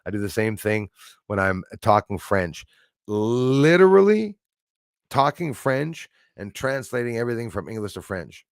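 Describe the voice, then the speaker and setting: A man's voice: fairly low pitch, animated, moderate pace, a bit bright, no echo, studio quality. A man in his forties hosting a live stream, chatting loosely and chuckling often as he answers viewer comments. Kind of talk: casual chat reading viewer comments.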